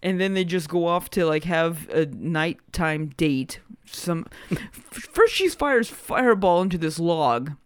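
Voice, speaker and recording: Casual podcast co-host: high-pitched man, profane and laugh-prone, dry close sound. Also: lively intonation, measured pace, few pauses, clear, resonant tone, no room sound. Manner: swears freely, laughs a lot, acts out quoted lines. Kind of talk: casual anime discussion chat.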